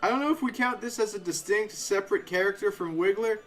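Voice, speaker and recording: Young man, fairly high voice, casual game commentary, sarcastic rants, faint music under him. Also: fast talker. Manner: ranting, sarcastic, animated asides. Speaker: game streamer. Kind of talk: casual live playthrough commentary.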